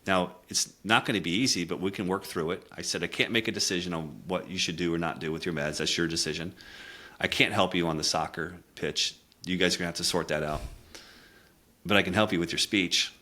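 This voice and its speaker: In a low-pitched voice with fairly even intonation, a middle-aged man who coaches communication briskly shares a candid personal story. He comes across as earnest and thoughtful, quieting down in emotional moments.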